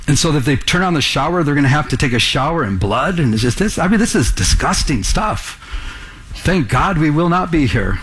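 A man's voice: a little high, very animated, fairly quick, fairly bright tone. A man preaching a sermon to a congregation in the room, earnest, pressing them with rhetorical questions. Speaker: pastor.

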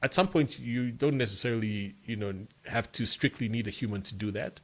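A voiceover artist from Africa speaking as a radio interview guest, thoughtful and halting, with many repeated words. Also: male voice, medium pitch, fairly bright tone.

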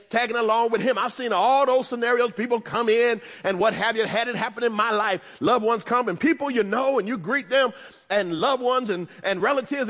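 A very high-pitched man preaches a sermon as a pastor, keeping a conversational style with humorous asides. He swings between loud emphasis and hushed tones. The long reverb of a large hall surrounds his voice.

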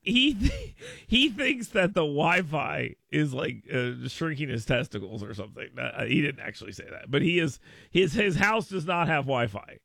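Man, talk radio host, rambling and repetitive, high voice, gravelly fry, dry studio mic. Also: lively intonation, normal speed, a bit bright, no room sound. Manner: rambling and repetitive, laughing often. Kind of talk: casual talk radio rant.

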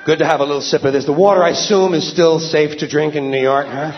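A man's voice: a little high, steady tone, fast, background noise. A man doing a wry, sardonic, conversational stand-up monologue. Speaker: stand-up comedian. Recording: dull lo-fi with faint ambience.

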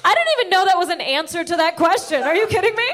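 A woman's voice: extremely high pitch, lively intonation, fast, fairly bright tone, a little hiss or hum. A woman from the United States doing stand-up comedy, brash and punchy, often laughing through her lines.

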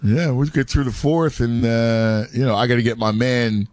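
A man's voice: medium pitch, steady tone, moderate pace, darkish tone, dry recording, studio quality. A middle-aged man in casual chat who talks animatedly, stumbles over his words, and says "dude" a lot.

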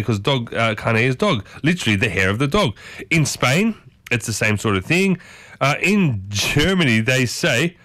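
A man's voice: mid-range voice, big pitch swings, moderate pace, fairly bright tone, no echo. A man hosting a breakfast radio show in casual, folksy chat, firing questions at his listeners. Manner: chatty and folksy, quizzes listeners with strings of questions.

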